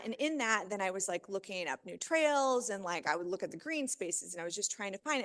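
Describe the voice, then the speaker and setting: A woman from Missouri in her thirties presents to a live audience in a chatty, upbeat way. Her voice sits a little high. She talks loosely, with fillers and frequent laughs. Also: pushed and bright. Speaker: author giving a talk.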